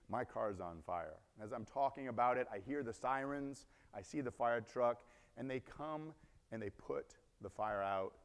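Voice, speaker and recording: A man's voice: mid-range voice, moderate pace, clear, resonant tone. A man at a conference talks to the crowd in an ordinary mid-range voice, acting out each beat of his story and stopping to ask the audience questions. His voice rings out into a long hall reverb. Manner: animated, acts out scenes, asks the crowd questions. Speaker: conference speaker. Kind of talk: keynote storytelling.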